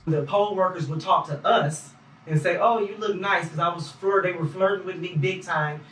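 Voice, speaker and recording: A man gives interview testimony about what he saw as a poll challenger, emphatic and detailed. His high-pitched, slightly bright voice moves at normal speed, recorded from a distance in an echoey room with a little hiss or hum.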